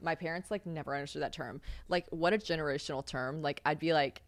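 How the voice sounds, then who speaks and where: A woman's voice: low-pitched, quick pace, no room sound. A young woman hosting a casual solo podcast, rambling and swearing freely, laughing often. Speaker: podcast host. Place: home kitchen.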